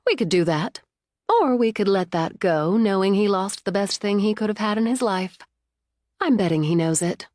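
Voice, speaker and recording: A woman's voice: medium pitch, expressive, moderate pace, no echo, lightly acted. A woman voicing a loving, protective middle-aged mother who is fiercely indignant on her daughter's behalf, read in an audiobook with a dry, close sound. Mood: reflective. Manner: warm, soothing, indignant.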